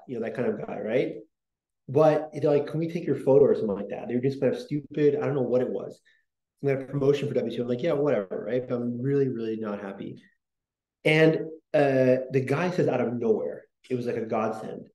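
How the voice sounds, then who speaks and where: A man's voice: medium pitch, warm tone, roomy sound, highs cut off. A man hosting a podcast, talking in a casual, rambling way with many fillers and restarts. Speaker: podcast host.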